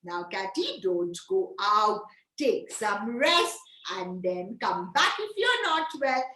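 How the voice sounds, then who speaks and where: A woman's voice: medium pitch, sing-song, slow pace, bright, forceful tone, reverberant, exaggerated voice, low-quality recording. A woman voicing a kind woman vet in a storybook tale, cooing and fussing over her animal patients. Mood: fussing, soothing.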